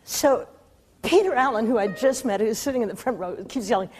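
A woman being interviewed, telling a lively anecdote, often laughing and acting out the voices she quotes. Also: fairly high pitch, a little fast, breathy edge. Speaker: interview guest. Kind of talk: storytelling anecdote.

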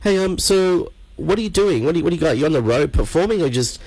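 A man hosting a late-night radio show, hoarse and croaky, chatting and teasing his guest. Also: fairly high pitch, lively intonation, fast talker, darkish tone, dry recording, rough recording. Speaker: radio host.

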